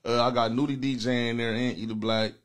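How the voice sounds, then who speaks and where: A man hosting a comedy call-in show, trading crude jokes with callers in a loud, profane, teasing way. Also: medium pitch, level tone, a little fast. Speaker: comedy show host taking calls. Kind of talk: crude joking banter with callers.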